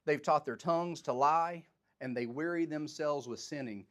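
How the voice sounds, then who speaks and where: A man's voice: on the high side, moderate pace. A man teaching a Bible study, reading scripture aloud and then paraphrasing it in plain, everyday speech. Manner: animated, voices the prophet's complaints with rising intensity.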